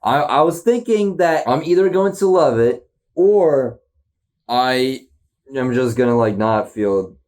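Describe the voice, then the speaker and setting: A man's voice: mid-range voice, animated, slow, darkish tone. A man hosting a reaction video, talking in a loose, rambling way, asking incredulous questions and laughing often. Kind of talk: casual reaction commentary.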